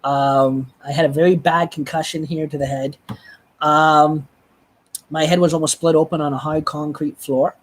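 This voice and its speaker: A live streamer telling a personal story in a rambling, halting way, with frequent restarts and blunt swearing. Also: medium pitch, level tone.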